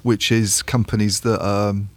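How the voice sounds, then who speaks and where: A man's voice: on the low side, little pitch movement, a little slow. A man co-hosting a tech podcast, talking casually and thinking aloud. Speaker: podcast co-host.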